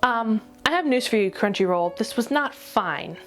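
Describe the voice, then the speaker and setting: A woman reviewing an anime in a ranty vlog, exasperated, rapid and swearing. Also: fairly high pitch, animated, fairly bright tone, soft background music.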